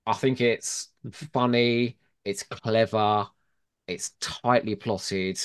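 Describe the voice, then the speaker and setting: A man's voice: on the low side, steady tone, extremely slow, smooth. A man in a casual podcast chat, arguing his picks with opinionated enthusiasm. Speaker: podcast guest.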